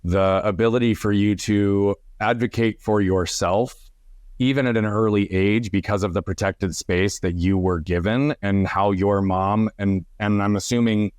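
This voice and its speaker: Brief: middle-aged male host, low voice, reflective and earnest, dry sound. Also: fairly even intonation, a little slow, darkish tone, clear, resonant tone, no echo. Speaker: podcast host. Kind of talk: conversational interview.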